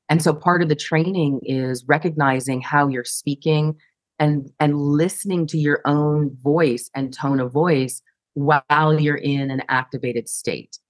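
A woman with a notably low voice speaks as a guest in a podcast interview. She explains her ideas earnestly and reflectively, in a dry, close-miked sound. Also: no room sound. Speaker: guest, sales educator.

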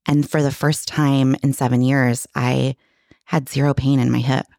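Low, gravelly woman telling her story. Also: flat delivery, normal speed, a little mellow, no echo, clean studio sound. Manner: candid, emotional storytelling with many restarts. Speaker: guest. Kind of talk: personal story in casual conversation.

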